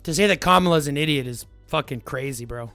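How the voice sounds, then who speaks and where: A man's voice: fairly high pitch, fast, bright, forceful tone, dry recording, soft background music. Combative man lecturing his stream chat. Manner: combative, lecturing, repeats himself. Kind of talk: heated live-stream argument with chat.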